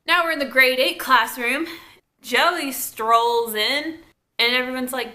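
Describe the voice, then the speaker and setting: A woman's voice: sits high, slow, bright, forceful tone. A woman reviewing a TV episode in a casual, chatty recap full of asides and "like". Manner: chatty, lots of "like", laughs and asides. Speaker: TV show reviewer.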